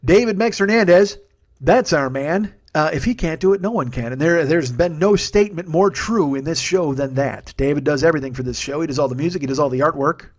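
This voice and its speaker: Profane ranting man, slightly high voice. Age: 40s. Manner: fast, rambling plugs with fillers. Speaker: podcast host. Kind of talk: solo comedy podcast rant.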